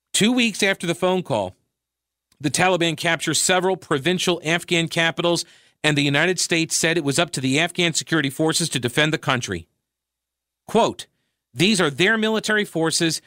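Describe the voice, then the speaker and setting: A man's voice: fairly high pitch, fairly bright tone, no echo, clean studio sound. Sarcastic male talk radio host. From New York. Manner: sarcastic, conversational, with asides and self-corrections. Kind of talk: opinionated political talk radio monologue.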